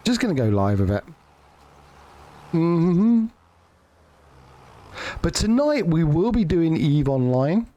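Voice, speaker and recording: Lively, sweary gaming streamer guy. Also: on the high side, slow pace, long pauses, muffled recording. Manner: joking, sweary, rambling with restarts. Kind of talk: casual live-stream chat.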